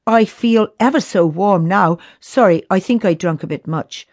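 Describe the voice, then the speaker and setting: A woman's voice: mid-range voice, moderate pace, darkish tone, dry recording, studio quality, lightly acted. A woman voicing a cheeky, impulsive young boy.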